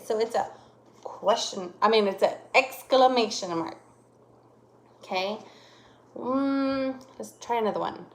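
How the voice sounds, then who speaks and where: A woman teaches young children, speaking slowly and stretching her voice up and down to make each point plain. Her voice sits a little high. The room around her is echoey. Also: animated, fairly bright tone. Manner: slow, exaggerated voice changes to demonstrate punctuation. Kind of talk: classroom lesson for young children.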